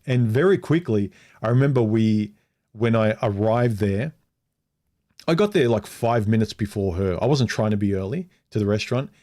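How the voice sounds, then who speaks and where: A middle-aged vlogger with a lowish, expressive, mellow voice tells a personal story at a moderate pace on a casual livestream. He's frank and rambling, often restarting sentences and acting out quoted speech.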